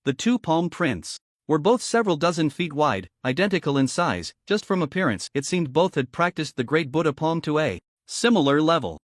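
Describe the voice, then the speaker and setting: A man narrating a fantasy novel story in a scripted, animated storytelling manner. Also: fairly high pitch, normal speed, dry recording, studio quality.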